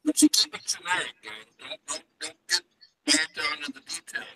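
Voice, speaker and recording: Man, co-host, somewhat high voice, emphatic, blunt. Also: expressive, normal speed, bright, forceful tone, low-quality recording. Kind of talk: casual talk show discussion.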